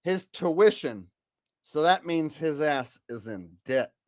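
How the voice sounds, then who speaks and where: A man's voice: on the high side, lively intonation, measured pace, smooth, dry recording. Crude sarcastic male commentator. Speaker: commentary host. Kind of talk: mocking commentary.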